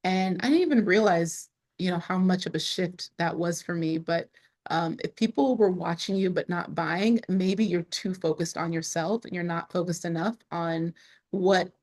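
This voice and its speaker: A woman's voice: on the low side, normal speed, darkish tone. A woman speaking to camera in a casual vlog about her online business, chatty, with frequent laughs and restarts.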